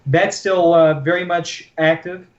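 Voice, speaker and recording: A man co-hosting a podcast over a video call, joking in a deadpan way. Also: fairly high pitch, unhurried, lo-fi sound. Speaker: podcast co-host. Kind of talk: joking casual chat.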